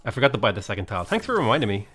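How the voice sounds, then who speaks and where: A man's voice: fairly low pitch, big pitch swings, very fast, fairly bright tone, slight background noise. A man hosting a casual multiplayer game stream, explaining game mechanics and laughing easily. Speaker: streamer host. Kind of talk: casual gaming chat.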